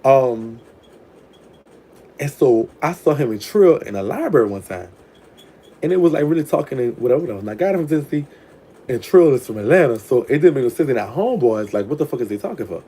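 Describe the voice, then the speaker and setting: Profane, chatty storytelling man, mellow tone. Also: mid-range voice, animated, a little fast, slightly rough. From New Orleans. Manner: frank, profane, chatty, with laughs. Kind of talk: casual storytime monologue.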